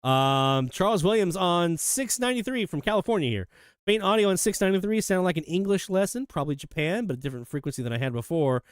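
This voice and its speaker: A man hosting a live radio hobby show, chatting casually and enthusiastically as he reads out listener shoutouts. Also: sits high, expressive, fast talker, clean tone, no room sound, studio quality. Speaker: host of a radio hobby livestream.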